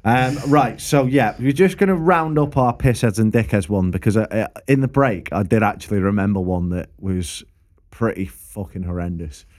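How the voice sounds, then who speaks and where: A young man, co-hosting a podcast and telling sweary, animated stories from his gigs as a musician, acting out the people he quotes. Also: lowish voice, normal speed. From England. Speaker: podcast co-host and gigging musician. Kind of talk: casual chat, telling gig stories.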